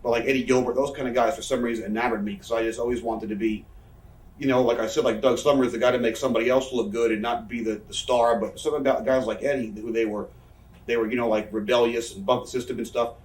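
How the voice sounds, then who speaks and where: A man's voice: mid-range voice, steady tone, fast, a little mellow, far from the mic. A man in his thirties telling stories in a candid interview, rambling and swearing freely. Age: 30s. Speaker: professional wrestler interviewee. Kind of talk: candid shoot interview storytelling. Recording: roomy, voice from away from the mic.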